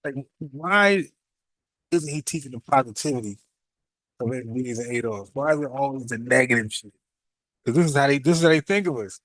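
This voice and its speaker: A man talking through a casual reaction commentary, sounding incredulous as he piles up rhetorical questions. His voice sits at a middling pitch. The sound is dry and close, with no room around it. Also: lively intonation, brisk, fairly bright tone, dry recording, poor audio.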